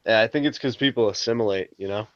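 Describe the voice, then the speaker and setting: Man, low smooth voice, dry and muffled, easygoing, measured. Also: no echo. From Massachusetts South Shore. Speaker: chat participant. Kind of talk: casual late-night group chat.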